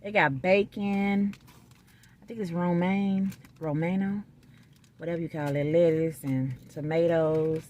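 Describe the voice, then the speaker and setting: A woman's voice: fairly low pitch, measured pace, a little mellow, slight background noise. A woman, chatting folksily to viewers while eating in her parked car, recorded on a phone. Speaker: food vlogger. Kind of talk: casual vlog chat while eating. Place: parked car in a restaurant parking lot.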